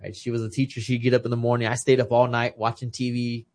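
Retired boxer guy in his 30s, earnest, keeps restarting, mid-pitched voice. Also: flat delivery, fast. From Texas. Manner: emotional, earnest, many restarts. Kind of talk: casual interview storytelling.

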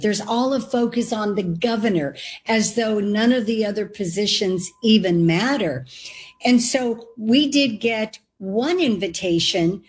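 A woman running for statewide office, answering interview questions in an emphatic, incredulous way. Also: on the high side. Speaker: political candidate.

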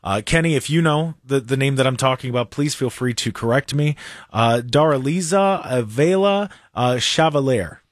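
A man's voice: mid-range voice, normal speed, dry recording, clean studio sound. A man hosting a political talk show, mocking and sarcastic in his commentary.

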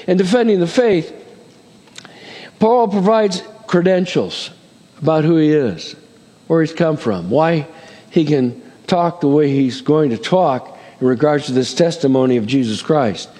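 A man preaches with a notably high voice, folding casual asides into his sermon and checking in with "amen?". His words ring out with the long reverb of a large hall. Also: a little slow, warm tone. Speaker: pastor.

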